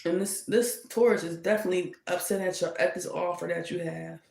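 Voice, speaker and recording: Gravelly-voiced woman giving a tarot reading. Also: fairly low pitch, fairly even intonation, brisk, darkish tone. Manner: emphatic, scolds with indignant rhetorical questions. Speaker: tarot reader. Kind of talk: casual tarot reading to camera. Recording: echoey room.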